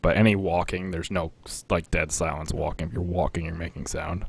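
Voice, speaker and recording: The speaker is a young streamer in a battle royale game, giving offhand live commentary full of rambling and laughter. His low voice is gravelly with a breathy edge, fairly even in intonation and fairly quick.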